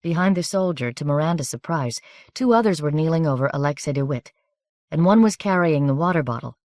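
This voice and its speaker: A woman's voice: low voice, expressive, brisk, darkish tone, no room sound, studio quality. Woman reading an audiobook evenly. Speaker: audiobook narrator. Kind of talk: scripted narration.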